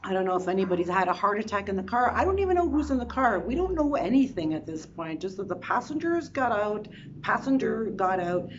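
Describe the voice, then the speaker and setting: A woman vlogger telling her own travel story in a casual, animated way, often restarting sentences and adding quick asides. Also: medium pitch, highs cut off, slight background noise.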